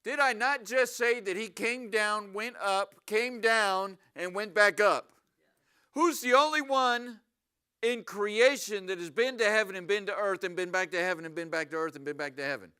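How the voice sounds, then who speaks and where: A man's voice: high-pitched, moderate pace, clear, resonant tone. A man preaching a sermon to his congregation in church, asking them questions often. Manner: animated, asks the congregation questions. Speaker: pastor. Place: church sanctuary.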